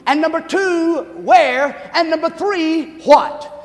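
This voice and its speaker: A male pastor preaching a sermon, talking fast, calling for amens and rising to shouts. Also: very high voice, big-room sound. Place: church sanctuary.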